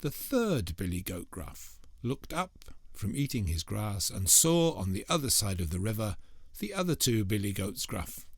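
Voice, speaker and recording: A man's voice: on the low side, big pitch swings, measured pace, husky, no room sound, studio quality. A man telling a folk tale aloud as an oral storyteller, in a rhythmic way that includes spoken sound effects.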